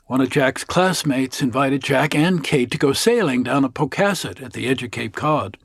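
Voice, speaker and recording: A man telling a story aloud, animated and shifting voices for his characters. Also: fairly high pitch, no echo, clean studio sound. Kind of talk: oral storytelling performance.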